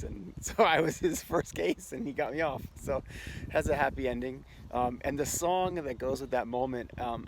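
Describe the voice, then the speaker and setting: A man hosting a casual vlog, telling an anecdote in a chatty way and laughing often as he goes. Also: medium pitch. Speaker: host. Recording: noticeable background noise.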